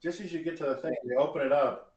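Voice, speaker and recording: A man running a tabletop game as game master, narrating with halting fillers. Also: on the high side, a little mellow, distant mic, dull audio. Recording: echoey room, voice from off-mic.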